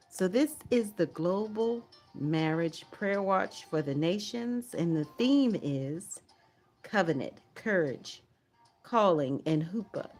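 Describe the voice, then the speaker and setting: A woman's voice: fairly low pitch, a little mellow. A woman hosting a livestream prayer watch, chatting casually, laughing often and reading viewer comments aloud.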